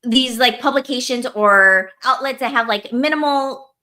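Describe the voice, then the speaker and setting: Bright-voiced woman ranting heatedly. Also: fairly high pitch, normal speed. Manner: heated, profane, lots of "like" fillers. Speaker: podcast co-host. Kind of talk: casual ranting chat.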